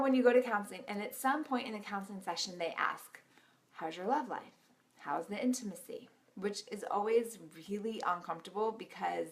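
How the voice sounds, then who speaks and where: Giggly woman with a gravelly voice. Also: mid-range voice. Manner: giggly, chatty, with frequent laughs. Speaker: vlogger. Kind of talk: casual storytelling.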